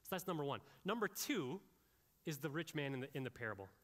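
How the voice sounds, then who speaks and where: A male pastor preaching a sermon, with animated, conversational delivery and frequent asides to the congregation. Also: on the high side, quick pace, big-room sound.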